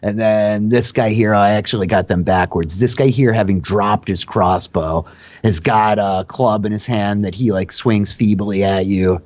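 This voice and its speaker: A man's voice: lowish voice, normal speed, a little mellow, dry recording, muffled recording. A man running a tabletop game as dungeon master, narrating in a loose, profane, laughing way.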